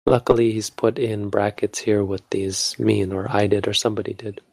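A man's voice: fairly low pitch, little pitch movement, normal speed, gravelly, darkish tone, no echo. A man teaching a language lesson in a casual, joking way, stopping to correct himself as he goes. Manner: informal, self-correcting, joking.

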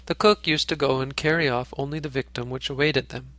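A man reading an old fable aloud as narrator, measured, now and then correcting a slip. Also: medium pitch, fairly even intonation, bright, forceful tone, dry recording. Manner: measured, occasional self-corrections. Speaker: storyteller.

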